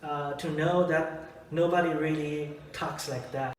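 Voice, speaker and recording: Man, from Taiwan, young, interview guest, slow hesitant talk, joking, distant, roomy. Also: a little high, steady tone. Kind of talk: casual interview. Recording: echoey room from far off, music behind.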